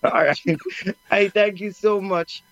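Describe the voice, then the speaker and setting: A man's voice: sits high, little pitch movement, slow, fairly bright tone. A man hosting a casual radio chat, joking and laughing with guests. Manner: laughing, playful banter. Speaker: radio show host. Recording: dull lo-fi sound.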